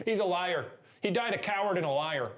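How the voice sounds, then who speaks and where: A man co-hosting a show, narrating a story to his co-host in a playful, animated way. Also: high voice, normal speed. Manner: animated and playful, with sudden exclamations. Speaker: co-host presenting a theory.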